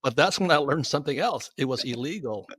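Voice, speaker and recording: A man's voice: mid-range voice, fast talker, slightly rough, dry recording, studio quality. An older man, a guest, telling a story with lots of animation and laughing at himself. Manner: lively anecdote teller, laughs at his own stories.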